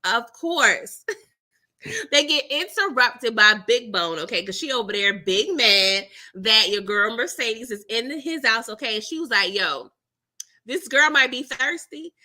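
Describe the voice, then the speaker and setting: Woman host, animated live-stream recap chat; very bright, raised voice, chatty with frequent laughs. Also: fairly high pitch, a little slow. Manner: animated, chatty, laughs often, tags lines with "okay?" and "girl".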